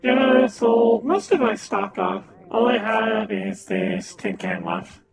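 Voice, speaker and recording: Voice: mid-range voice, slow pace, gravelly, rough recording. A streamer in a game roleplay, speaking as an easygoing merchant with chatty, musing talk. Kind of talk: in-character roleplay chat. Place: online voice chat game world. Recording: busy crowd of players behind.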